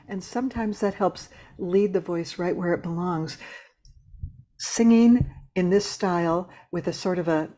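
A woman with a notably low speaking voice teaches singing technique to camera. She explains patiently and in a measured way, restarting phrases now and then as she works through each step. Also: dark tone. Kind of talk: instructional talk to camera.

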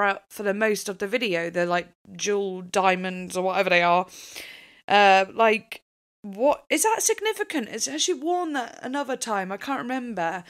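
A woman's voice: medium pitch, fairly bright tone. A woman giving casual, emotional reaction commentary on a music video, chatty and full of fillers.

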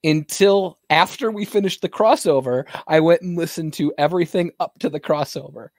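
A man's voice: a little high, normal speed, dry recording, clean studio sound. A man playing in a tabletop campaign, chatting on a podcast in an earnest, rambling way. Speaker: player, podcast co-host. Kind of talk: casual podcast chat.

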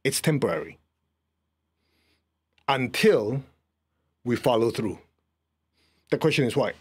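A man's voice: medium pitch, lively intonation, slow pace, slightly rough. A man teaching an energy healing class, leading a live audience through a guided exercise. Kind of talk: guided group lesson.

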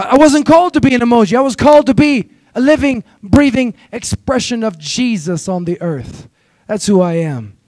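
High-voiced energetic man preaching. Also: dry recording. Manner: energetic, exhorting, repetitive call-and-response. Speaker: guest preacher. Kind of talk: sermon. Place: church sanctuary.

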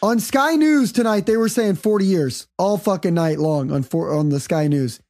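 A woman hosting a casual comedy podcast, telling rambling stories in a loud, profane way. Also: lowish voice, lively intonation, moderate pace. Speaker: podcast host.

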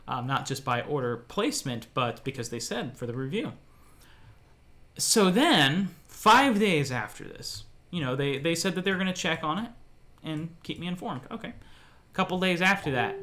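A man's voice: a little high, fairly quick. Frustrated man recounting a customer dispute. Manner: frustrated, reads out messages in a flat quoting tone. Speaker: vlogger. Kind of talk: ranting account of a customer dispute.

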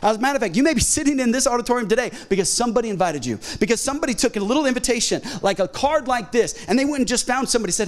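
A middle-aged male pastor preaches in a church auditorium with a notably high voice. He talks in an animated way and slips into quick voices for the people he quotes. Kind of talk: sermon.

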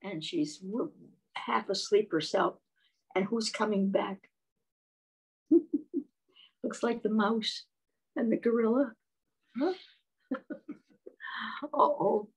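A woman reading and singing to young children in a gentle voice, often asking them questions and clearing her throat. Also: mid-range voice, slow, pauses often. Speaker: children's storyteller.

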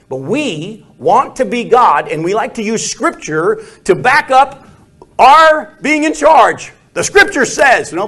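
A man teaching a Bible study, telling stories with animated delivery and acting out quoted lines. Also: sits high. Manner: animated storytelling, acts out quotes with dropped voice.

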